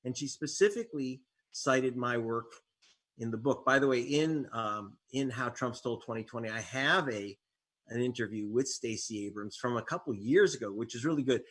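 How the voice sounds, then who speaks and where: Husky-voiced man telling wry stories. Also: mid-range voice, normal speed, a bit bright. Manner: wry, storytelling with sarcastic jabs. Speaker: investigative reporter and author as guest. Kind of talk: interview conversation.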